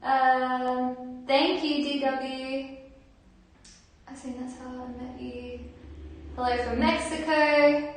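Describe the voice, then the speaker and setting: Woman, singer hosting a livestream, friendly chatty manner, unhurried, booming echoey room, soft guitar behind. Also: steady tone, distant mic. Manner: chatty, friendly, many fillers. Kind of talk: casual chat reading viewer comments.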